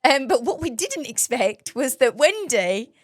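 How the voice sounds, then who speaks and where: Woman host, gushing chatty talk, high-ish voice, dry close sound. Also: big pitch swings, a little slow, dry recording. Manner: chatty and gushing, with many restarts. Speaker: host and waxing trainer. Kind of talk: casual chat.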